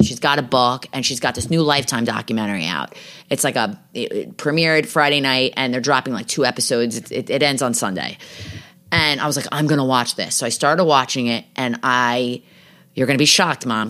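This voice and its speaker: Podcast host, woman, low voice, casual gossipy delivery, swears freely. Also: a bit bright. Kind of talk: casual chat.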